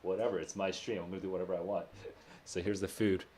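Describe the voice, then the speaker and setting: A man with a notably deep, low voice talks casually on a home live stream, laid-back and a little rambling. He sounds low on energy, and faint room ambience sits behind him. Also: flat delivery, fast talker, a little mellow, a little hiss or hum. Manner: laid-back, rambling, with frequent fillers and laughs. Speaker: streamer answering viewer questions.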